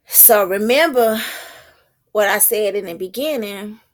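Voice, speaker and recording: Speaking at a medium pitch, a woman works through poetic meter during a relaxed spiritual talk. She thinks aloud, reads terms slowly, and fumbles unfamiliar words.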